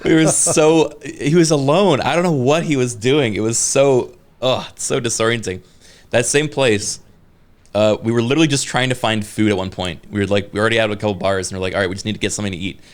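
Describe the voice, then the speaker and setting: A man's voice: mid-range voice, fairly quick. A man in his thirties co-hosting a podcast, telling a story casually with many fillers and restarts. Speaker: podcast co-host. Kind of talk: casual chat.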